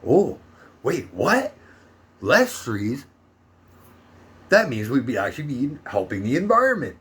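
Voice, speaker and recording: A man's voice: mid-range voice, slight background noise. A man from Canada ranting heatedly in a monologue vlog, swearing often and turning sarcastic. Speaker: vlogger.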